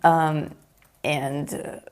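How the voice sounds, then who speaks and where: Gravelly, low-voiced chatty woman host. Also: little pitch movement, extremely slow. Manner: chatty, laughs easily, explains at length. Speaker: host of a live coloring show. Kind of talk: casual chat while drawing.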